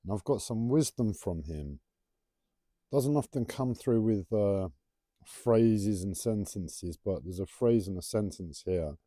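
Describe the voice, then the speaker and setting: Rambling low-voiced man on a livestream. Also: animated, takes it slowly, dark tone, no echo, studio quality. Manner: wanders off on tangents, self-described waffling. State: struggling to pronounce his T's. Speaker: livestream host. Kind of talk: rambling solo livestream talk.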